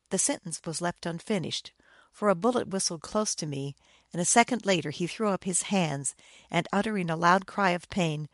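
A woman narrates a first-person story in a measured, grave way, her voice sitting a little low. The recording is close and dry, with no room sound around her. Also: no echo. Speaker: audiobook narrator.

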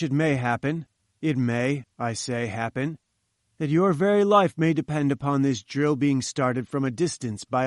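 A man's voice: mid-range voice, darkish tone, no room sound, studio quality, lightly acted. A man voicing an imperious, scornful older male scientist who talks in curt commands, in an audiobook reading.

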